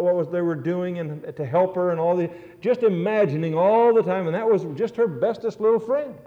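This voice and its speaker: A middle-aged man preaching a sermon, telling stories with earnest, rising emphasis. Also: sits high. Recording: dull lo-fi recording.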